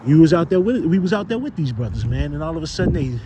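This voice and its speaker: A man's voice: a little high, big pitch swings, quick pace. Rambling street preacher man, noisy outdoors. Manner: rambling, searching for words, cursing, addresses listeners as man and brothers. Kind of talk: informal exhortation.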